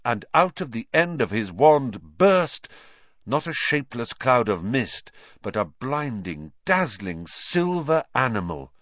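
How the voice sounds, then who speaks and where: A male audiobook narrator reads a fantasy novel with a lively, animated delivery and dramatic pauses. The sound is dry and close, slightly dull and lo-fi. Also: medium pitch, dry recording.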